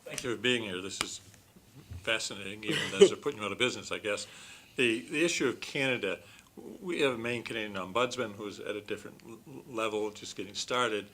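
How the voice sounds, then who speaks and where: A fairly low, bright-toned man on a commission, asking a witness courteous questions. He thinks aloud as he talks. Faint room noise is behind him. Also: fast. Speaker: commission member.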